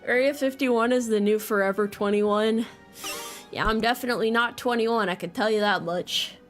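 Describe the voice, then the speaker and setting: A young adult woman streaming casually, joking and rambling with frequent swearing and quick laughs, reading chat from a home desk mic. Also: a little high, faint music behind. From United States. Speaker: VTuber streamer.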